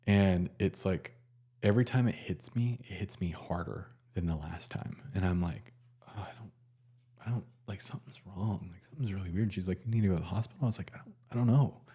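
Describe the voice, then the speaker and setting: A man, a nurse, telling a personal story in a casual, halting way with many fillers and restarts. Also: low voice, dark tone, slightly rough.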